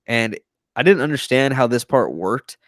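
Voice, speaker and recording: A man's voice: mid-range voice, normal speed, no room sound. A young man chatting through a movie plot for his podcast, jumping his voice way up when he plays the characters. The sound is close and dry with no room around it. He keeps a loose, enthusiastic, talkative flow. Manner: animated retelling, acts out characters' lines. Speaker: podcast host. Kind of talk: casual movie review chat.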